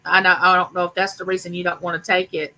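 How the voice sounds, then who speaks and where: A woman's voice: on the low side, level tone, fast talker, sharp tone, low-quality recording. Chatty older woman. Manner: chatty, affectionate, talks to viewers directly. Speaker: live stream host. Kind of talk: casual live chat.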